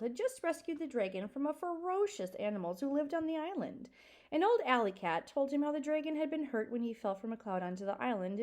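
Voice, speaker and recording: A woman teacher reading a children's book aloud to a second-grade class, expressive and asking the class questions. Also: on the high side.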